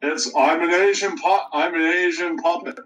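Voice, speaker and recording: A man doing a loud eager tiger puppet. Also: a little high, fairly even intonation, normal speed, reverberant, far from the mic, voice pushed up, lightly acted, rough recording. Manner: loud, repeats himself.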